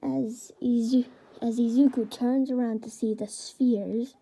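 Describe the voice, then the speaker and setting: Breathy woman narrator, slow, dark-toned, halting improvised storytelling. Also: on the high side, steady tone, low-quality recording. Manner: hesitant, many fillers and restarts. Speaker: fan storyteller.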